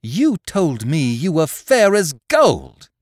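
A man voicing a naive young gentleman of twenty-one, formal, precise and stiffly polite. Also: fairly high pitch, wildly swooping pitch, slow pace, dry recording, clean studio sound, exaggerated voice. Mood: indignant.

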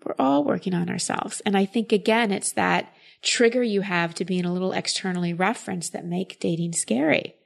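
A woman's voice: mid-range voice, moderate pace, creaky, few pauses. A woman coach giving advice in a casual chat, explaining thoughtfully with frequent filler words.

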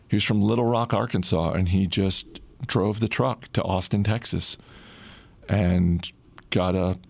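Middle-aged male storyteller, low and gravelly, dry close sound, laid-back anecdote delivery. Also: no echo. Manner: relaxed, conversational, frequent "uh" fillers. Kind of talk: casual personal storytelling.

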